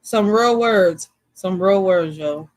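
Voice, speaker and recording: A woman's voice: medium pitch, slow, a little mellow, faint music behind. A woman co-hosting a casual talk show, blunt and swearing freely, laughing often. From Puerto Rican background, raised in Philadelphia. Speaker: co-host. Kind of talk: casual profane chat.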